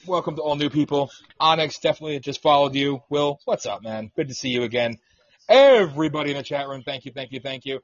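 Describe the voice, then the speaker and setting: A man's voice: a little high, quick pace, dry recording. A man hosting an online talk radio show, laid-back, greeting the chat and moving the show along. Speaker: host. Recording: dry, dull lo-fi audio.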